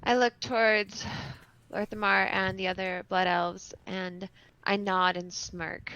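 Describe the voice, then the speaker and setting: Woman player, bright forceful voice, casual. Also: mid-range voice, level tone, slow, dull audio. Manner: casual, chatty. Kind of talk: tabletop game play.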